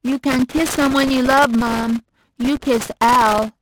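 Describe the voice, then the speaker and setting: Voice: fairly even intonation, slow pace, slight background noise, low-quality recording. A narrator voicing a stubborn, earnest young woman who insists on her point. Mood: insistent. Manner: high, pleading, insistent. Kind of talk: audiobook character voice.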